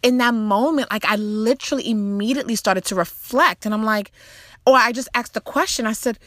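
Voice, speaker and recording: A woman's voice: a little high, brisk, a bit bright, no room sound. Chatty woman telling a faith story, dry sound. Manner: chatty, rambling, full of "you know" asides. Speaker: mother sharing a faith talk. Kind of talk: casual faith-based storytelling.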